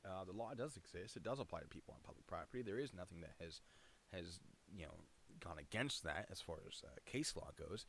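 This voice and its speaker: A man's voice: deep voice, lively intonation, brisk, vocal fry, a bit bright, a little hiss or hum. A man chatting casually on a live stream, rambling and cutting himself off mid-thought. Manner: rambling, self-interrupting, chatty.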